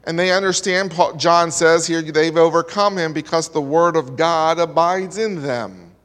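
A man's voice: a little high, measured pace, fairly bright tone. A man preaching a sermon as pastor, emphatic and building his points with repeated parallel lines. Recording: reverberant hall.

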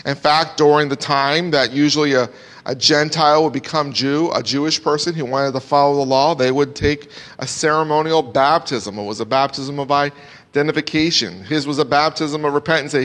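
A man's voice: a little high, moderate pace. A man preaching an expository sermon, swinging his voice up and down for emphasis. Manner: animated, rises and drops sharply for emphasis. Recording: long hall reverb.

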